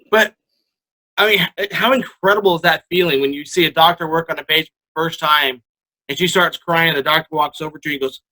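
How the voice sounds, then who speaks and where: A man chatting as a podcast guest, with a bright, forward voice pitched a little high. He tells his stories earnestly and with animation. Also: rough recording. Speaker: guest, dental technician. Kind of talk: casual interview conversation.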